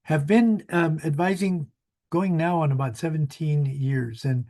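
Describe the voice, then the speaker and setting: A man's voice: a little high, measured pace, warm tone. A man in his sixties, a small business advisor, giving a friendly, rambling webinar presentation with many fillers.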